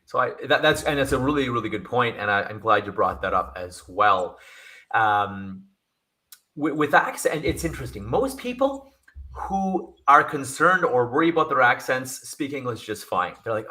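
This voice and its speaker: A man's voice: medium pitch, animated, normal speed, sharp tone. A man working as a communication coach, giving advice in an interview with energy, stressing and repeating his key phrases.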